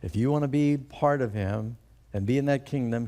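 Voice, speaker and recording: A man's voice: mid-range voice, animated, normal speed, warm tone. A male pastor preaching a sermon, emphatic and putting rhetorical questions to his congregation.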